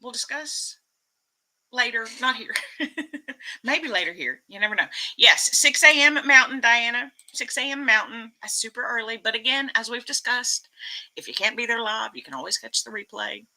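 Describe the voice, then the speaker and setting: A woman with a Southern Texas drawl talks on a casual live stream, reading out viewer comments. Her tone is very bright and ringing, and she keeps breaking into giggles. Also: on the high side, rough recording. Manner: chatty, giggly, quick to laugh. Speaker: vlogger reading live chat.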